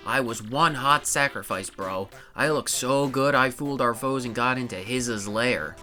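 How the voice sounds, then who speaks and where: A man's voice: medium pitch, normal speed, bright, forceful tone, soft background music, close to an everyday voice. A man voicing a boastful adult plumber hero telling a tall tale, reaching for an Italian-style accent while reading game dialogue. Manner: tries for an Italian-style accent, bragging storytelling.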